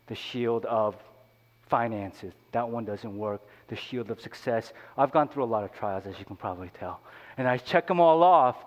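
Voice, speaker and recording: Guy preaching in a church, chatty and informal, lots of you-knows, voice rings around a big echoey hall. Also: fairly low pitch. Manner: conversational preaching with frequent "you know" asides. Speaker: pastor. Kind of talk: sermon. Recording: long hall reverb.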